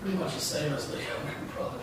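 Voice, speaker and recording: A man's voice: on the high side, fast talker, slight background noise. A man taking part in a church class discussion, offering tentative answers and searching for words. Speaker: class participant. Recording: distant mic in echoey room.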